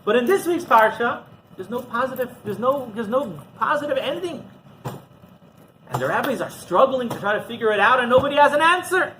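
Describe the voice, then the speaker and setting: Animated rabbi telling a story. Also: male voice, very high voice, moderate pace, a little hiss or hum, low-quality recording. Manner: animated storyteller who often asks "right?". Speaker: rabbi teaching a class. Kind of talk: storytelling Torah class.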